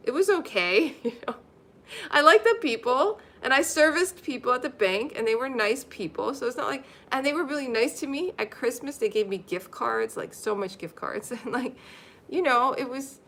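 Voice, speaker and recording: A woman's voice: fairly high pitch, fairly bright tone. A woman hosting a casual live stream, teaching money affirmations in a chatty way, laughing often and repeating phrases over and over.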